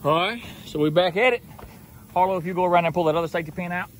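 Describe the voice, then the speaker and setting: A man's voice: sits high, racing, a little hiss or hum. A man narrating a casual outdoor vlog as a hog trapper, chatting in a folksy way with asides to his viewers. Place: outdoors near a house.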